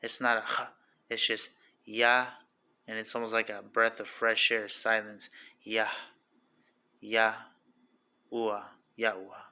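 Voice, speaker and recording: A man teaching in a casual, unscripted way, his voice bright and edged, with his pitch staying fairly level. He rambles and leans on fillers. He repeats each word several times as he sounds it out. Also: completely flat delivery, measured pace, pauses often, smooth. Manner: loose and rambling, repeats words to sound them out; filler-heavy, says like and you know often. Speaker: religious teacher.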